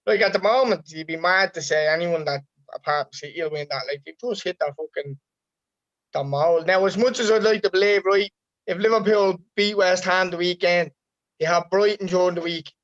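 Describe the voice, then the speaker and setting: A man's voice: high voice, a little fast, fairly bright tone. A man co-hosting a casual football podcast, opinionated and swearing often. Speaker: podcast co-host. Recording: dull lo-fi sound.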